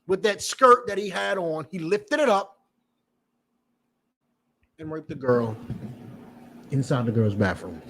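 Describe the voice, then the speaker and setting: This preacher and teacher speaks slowly with long pauses, his fairly high voice animated, pushed and bright, over a little hiss or hum. His fiery lecture is emphatic, repetitive and profane, and he directly questions his audience.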